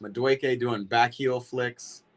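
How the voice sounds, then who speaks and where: Young dude hosting a footy watch stream, chill, reacting and reading chat. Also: male voice, mid-range voice, fairly even intonation, slow. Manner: casual, reactive, greets chat by name. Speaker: livestream host. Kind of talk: football watch-party commentary.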